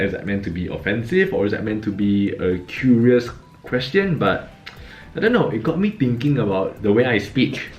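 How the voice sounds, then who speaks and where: A man's voice: mid-range voice, echoey room, lo-fi sound. A young man from Malaysia with a Malaysian English accent, vlogging in a casual, musing way, his statements often rising like questions. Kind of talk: casual reflective talk to camera. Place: outdoors in cold weather.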